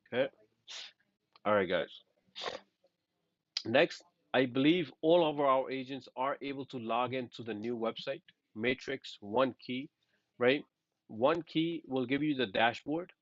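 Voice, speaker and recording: A man's voice: mid-range voice, dry recording. A man talks his team of real estate agents through a casual presentation, with a mid-range voice. He keeps checking in with "right?" and leans on "you know" as he explains. The sound is dry and a little dull. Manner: conversational, frequent "right?" and "you know" asides. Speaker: mortgage and real estate broker training agents.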